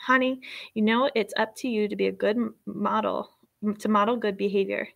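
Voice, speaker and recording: A woman voicing a patient mother who corrects her children gently but firmly, in a storybook reading. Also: mid-range voice, level tone, fairly quick, vocal fry, dry recording, close to an everyday voice. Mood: coaxing.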